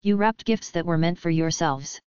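A woman voicing a tense young she-wolf from an audiobook who questions everything with disbelief. The voice is low and crisp, recorded dry. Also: moderate pace, a little mellow, no room sound, lo-fi sound, lightly acted. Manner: tense, incredulous.

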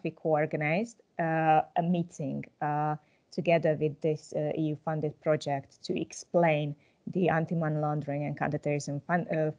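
A woman's voice: sits low, a little mellow. A woman presenting a worked example at an online workshop, speaking hesitantly with many fillers.

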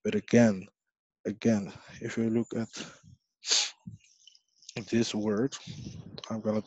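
A man hosting his own video talks slowly in a low, mellow voice. He reads dictionary definitions in a halting, rambling way and keeps apologizing. The recording is dry and dull, with a lo-fi sound. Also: level tone, dry recording. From Haiti. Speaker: video host. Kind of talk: casual reading of dictionary definitions.

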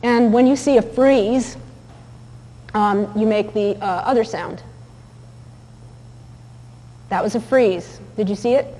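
A woman's voice: medium pitch, slow pace, long pauses, mellow, long reverb tail, low-quality recording. A woman teaching about dog behavior in a chatty, anecdotal lecture, with many fillers and restarts. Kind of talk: recorded lecture with video clips.

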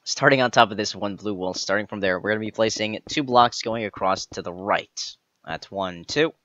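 A man's voice: fairly low pitch, normal speed, sharp tone, no echo, lo-fi sound. A man hosting a step-by-step game building tutorial, methodically counting each block aloud as he places it. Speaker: tutorial host.

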